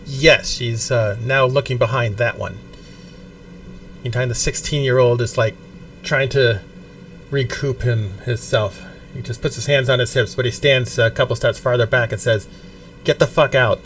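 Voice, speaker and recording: A man's voice: medium pitch, steady tone, moderate pace, fairly bright tone. A man running a tabletop game as game master, narrating in a casual, profane, descriptive way. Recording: distant mic with faint background noise.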